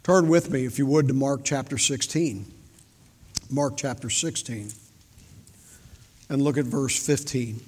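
An older man giving a sermon with folksy storytelling, shifting from loud emphasis to quiet, intimate moments. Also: medium pitch, unhurried, long pauses. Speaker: preacher. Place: large church hall. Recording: reverberant church hall.

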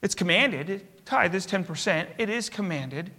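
A bright, high-pitched man preaches in a church, emphatic and rhythmic, stacking repeated phrases. His voice carries a long hall reverb. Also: expressive, a little slow. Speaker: pastor. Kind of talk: sermon.

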